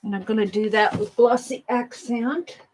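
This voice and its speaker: A woman hosting an art journaling stream, chatting casually to herself and viewers as she paints, with soft murmured asides. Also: a little high, steady tone, normal speed, slight background noise, rough recording. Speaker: art journaling livestream host. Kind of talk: casual crafting narration.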